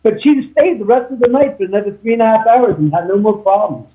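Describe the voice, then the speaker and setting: A man's voice: high-pitched, fast talker. A man telling a spooky story from his home in a casual chat, acting out the people he quotes. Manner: animated retelling with quoted dialogue. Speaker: homeowner and YouTuber. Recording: tinny phone line.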